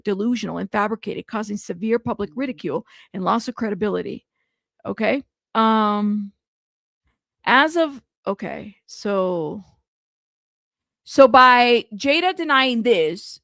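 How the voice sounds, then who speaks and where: Gravelly-voiced woman reading a lawsuit aloud. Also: mid-range voice, dry recording, clean studio sound. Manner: reads legal text aloud, breaks into amused asides and laughter. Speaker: news commentary host.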